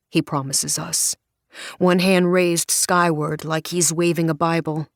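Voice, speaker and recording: Female audiobook narrator, wry sardonic delivery, lower voice, dry studio sound. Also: dry recording. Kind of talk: first-person audiobook narration.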